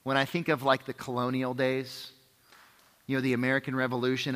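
A man's voice: mid-range voice, completely flat delivery, fairly quick, a bit bright. A man preaching a sermon in a conversational way, often checking in with "right?" and driving points home through repetition. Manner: emphatic repetition. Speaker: pastor. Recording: reverberant hall.

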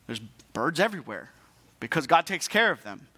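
Pastor, male, high bright voice, chatty sermon with humorous asides. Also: big pitch swings, normal speed. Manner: conversational preaching with asides and self-deprecating humor; frequent restarts and repeated words.

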